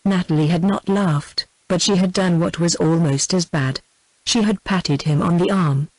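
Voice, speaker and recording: Brief: synthetic British female narrator, steady measured audiobook reading, dry close sound. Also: lowish voice, dry recording, rough recording. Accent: British English. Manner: even, measured text-to-speech reading. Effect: synthetic text-to-speech voice. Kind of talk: scripted narration.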